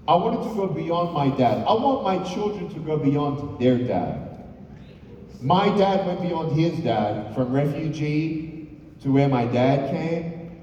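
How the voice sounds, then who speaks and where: Animated man speaking in an echoing hall. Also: on the high side, slow, highs cut off, a little hiss or hum. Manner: animated, uses rhetorical questions. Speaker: motivational speaker. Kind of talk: storytelling speech to a live audience. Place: large hall on stage. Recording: echoey hall from far off.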